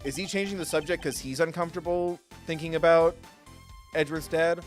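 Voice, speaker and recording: A man's voice: a little high, steady tone, a little fast, soft background music. A man streaming a game live, commenting in a casual, jokey way. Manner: jokey and reactive, swears casually.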